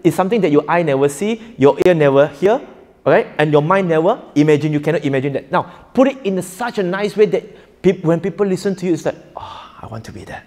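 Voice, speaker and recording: Male preacher-teacher, slightly high pitch, playful and interactive, live hall sound. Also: fast talker, a little mellow. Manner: jokey, quizzes the audience, laughs often. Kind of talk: interactive lecture.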